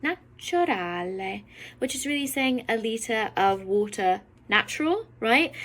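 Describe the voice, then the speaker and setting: A young woman with a somewhat high voice teaches a beginner Italian lesson. She explains in English and slows right down to sound out each Italian word. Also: a bit bright, poor audio. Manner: slow careful pronunciation of foreign words.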